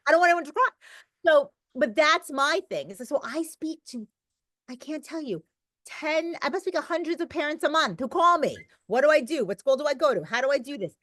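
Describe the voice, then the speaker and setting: A woman's voice: sits high, expressive, normal speed, a bit bright, no room sound. A middle-aged woman talking as a podcast guest, an emphatic and talkative storyteller in casual conversation. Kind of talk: conversational interview.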